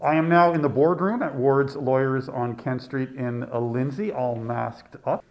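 A man's voice: medium pitch, fairly even intonation, measured pace. A man hosting a local podcast, chatty and wry, his voice slightly muffled by a mask as he narrates and asks questions. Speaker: podcast host.

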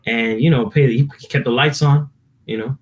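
Give me a young man from New Jersey rambling through stories as a podcast guest, his pitch mid-range. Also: steady tone, normal speed. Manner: rambling, filler-heavy storytelling. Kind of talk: casual podcast chat.

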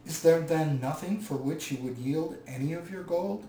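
A man's voice: fairly high pitch, moderate pace, dark tone, voice pushed up, lightly acted. A man voicing a firm, resolute leader of men in a storybook reading. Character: steady, resolute human bowman leader. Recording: roomy, distant mic, faint hiss.

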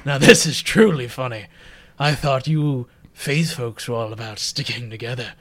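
A man's voice: medium pitch, moderate pace, natural voice. Man putting on a sneering spiteful captive. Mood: mocking. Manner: taunting, scornful.

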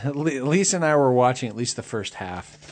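A man's voice: mid-range voice, lively intonation, brisk, darkish tone. A man co-hosting a podcast, chatting casually about a movie, joking and laughing often and trailing off mid-thought. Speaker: podcast co-host.

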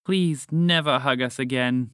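A man's voice: medium pitch, a little slow, a bit bright, clean tone, no room sound, clean studio sound, lightly acted. A man voicing a pompous, grandly theatrical male talking dog in a children's storybook podcast. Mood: breathless. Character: pompous male chocolate lab dog, grand then sheepish.

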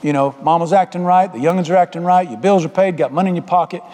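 Fast-talking preacher, hall echo. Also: male voice, high-pitched, darkish tone. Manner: folksy, humorous, drawling storyteller. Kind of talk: folksy storytelling sermon. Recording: echoey hall.

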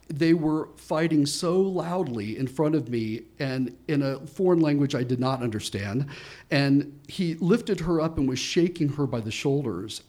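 A man telling a first-person story in an animated way, with laughing asides and acted-out moments of panic. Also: medium pitch.

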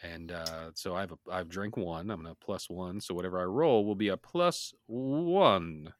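A man's voice: sits low, expressive, unhurried. A man co-hosting a casual podcast, joking around and explaining the show's dice game in a loose, easygoing way. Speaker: podcast co-host.

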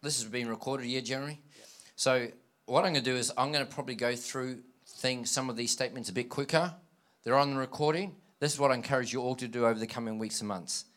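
A male preacher delivers a sermon in a voice of ordinary pitch. He is animated, slipping into the voices of scripture figures as he tells their stories. He keeps checking in with the congregation, urging them on with call-and-response. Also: fast talker. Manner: acts out quoted dialogue in scripture.

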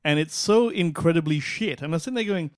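A man co-hosting a film review podcast in casual chat, opinionated and animated, laughing often. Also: on the high side, fairly quick, dry recording, studio quality.

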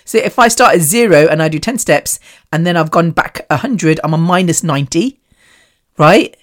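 Brief: female podcast host, low-ish voice, frank and sweary, lively storyteller. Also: normal speed. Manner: blunt, swears freely, animated storytelling. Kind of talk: candid casual monologue.

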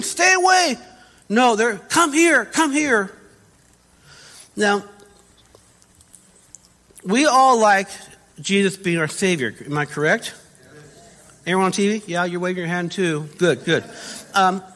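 High-voiced man preaching in a reverberant church. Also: fairly bright tone. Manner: conversational preaching with self-corrections and direct questions to viewers. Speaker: pastor. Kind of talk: sermon. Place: church with spaced-out pews. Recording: church service with long reverb.

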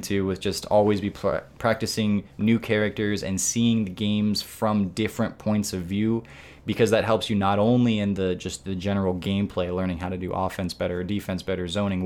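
Man, podcast host, fairly low voice, thoughtful, rambling with restarts. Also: a little mellow. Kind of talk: casual podcast chat.

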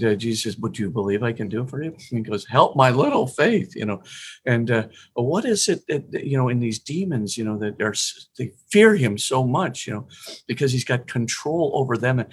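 A middle-aged priest giving conversational spiritual teaching, retelling gospel scenes with animation and briefly voicing the people in them. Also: male voice, medium pitch, slight background noise. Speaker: priest and podcast guest.

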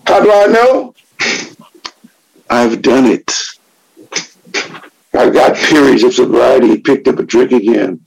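A man's voice: mid-range voice, sing-song, slow pace, creaky, long pauses, a little mellow, breathy edge, poor audio. A middle-aged man sharing his story at a recovery meeting, blunt and profane, turning impassioned and preachy. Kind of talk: spoken share.

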